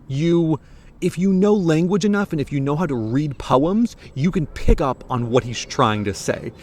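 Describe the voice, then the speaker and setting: A young American man with an American accent, talking casually to camera about a book he enjoyed, animated and rambling with restarts. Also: on the high side, moderate pace. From United States. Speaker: book reviewer.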